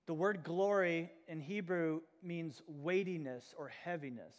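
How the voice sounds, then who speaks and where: A man's voice: fairly high pitch, unhurried, long reverb tail. A man preaching a sermon as pastor, earnest and emphatic. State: out of breath.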